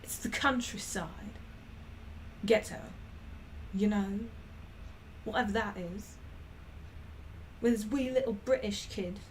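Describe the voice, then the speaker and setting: A woman's voice: medium pitch, slow, pauses often, a little hiss or hum, close to an everyday voice, low-quality recording. A woman voicing a chatty young British man who rambles offhandedly. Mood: offhand.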